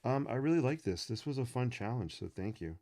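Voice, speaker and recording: This sketching-stream host is a man with a medium-pitched, lively voice and a dark tone, talking a little fast. He chats and rambles casually while drawing, adding joking asides. The recording is dry.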